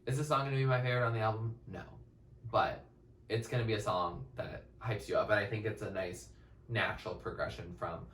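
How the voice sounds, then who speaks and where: A young man giving casual, excitable reaction commentary as a music reaction host, now and then singing snippets along. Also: fairly low pitch, brisk, slight background noise. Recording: roomy, a bit distant from the mic, faint music.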